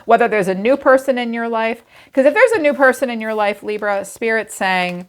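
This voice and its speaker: A woman's voice: a little high, expressive, brisk, hardly any pauses. A woman giving a casual tarot reading to camera, chatty and frank, who swears and laughs easily. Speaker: tarot reader.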